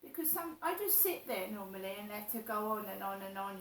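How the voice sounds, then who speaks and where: A middle-aged woman telling a personal story in a slow, repetitive, aggrieved way. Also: mid-range voice, expressive, a bit bright, a little hiss or hum. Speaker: vlogger. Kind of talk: personal monologue. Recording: roomy echo.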